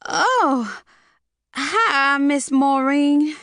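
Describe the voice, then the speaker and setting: Woman playing a frightened young girl, squeaky high voice, trembling, hesitant, slangy. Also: slow pace, a bit bright, dry recording, clean studio sound. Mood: scared. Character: scared young woman just out of school.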